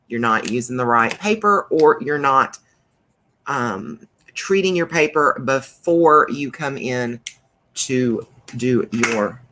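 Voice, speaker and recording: Brief: female craft demo host, relaxed slow pace, chatty and full of fillers. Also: deep voice, a little hiss or hum. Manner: chatty, rambling, with many fillers and restarts. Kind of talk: casual crafting demonstration.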